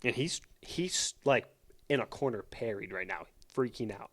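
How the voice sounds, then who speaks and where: A young man co-hosting a podcast, telling a comedic story in an animated, rambling way. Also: medium pitch, normal speed, no echo. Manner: animated, rambling, lots of fillers. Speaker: podcast co-host.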